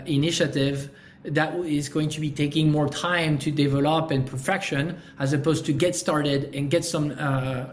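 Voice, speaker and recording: A middle-aged man with a French accent, talking earnestly as a podcast guest, with many fillers and restarts. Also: a little high. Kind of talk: casual interview talk.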